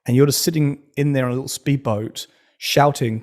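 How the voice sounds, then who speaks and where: A man's voice: mid-range voice, steady tone, a little fast, darkish tone. A man hosting a casual interview who tells stories enthusiastically and wanders off on tangents. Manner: enthusiastic storyteller, goes off on tangents. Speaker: podcast host.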